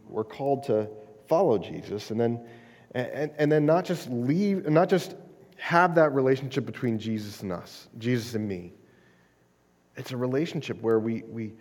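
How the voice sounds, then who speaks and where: A man's voice: medium pitch, darkish tone, in a large hall. A male pastor preaching a sermon in a conversational style, stumbling over restarts and often checking in with "right?".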